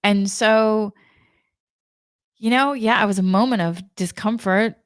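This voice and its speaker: A woman's voice: mid-range voice, measured pace, dry recording, clean studio sound. A woman giving a spiritual energy talk in a chatty way, telling a personal story and laughing often. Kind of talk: casual spoken monologue.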